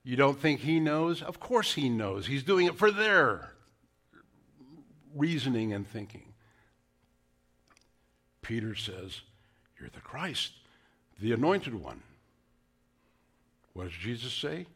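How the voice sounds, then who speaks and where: Man, pastor, sermon, slow delivery, very animated pitch, hushed and raised quotes.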